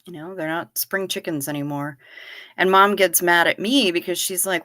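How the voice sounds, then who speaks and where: A middle-aged woman hosting a livestream, chatting casually, reading viewer comments and telling stories in an animated, direct way. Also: fairly low pitch, moderate pace, no room sound. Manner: animated storyteller, talks straight to viewers. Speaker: livestream host.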